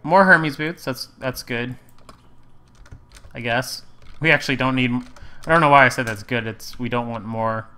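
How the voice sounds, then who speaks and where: Bright, clear-voiced let's play host. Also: male voice, medium pitch, moderate pace, long pauses. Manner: rambling, self-correcting, wry. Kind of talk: casual gameplay commentary.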